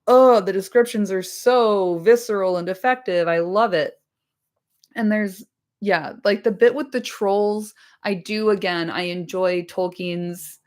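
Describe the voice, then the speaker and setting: A woman streamer chatting casually to her live audience after a reading, enthusiastic and swearing freely, her voice slightly hoarse. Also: mid-range voice. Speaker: streamer reading a book aloud.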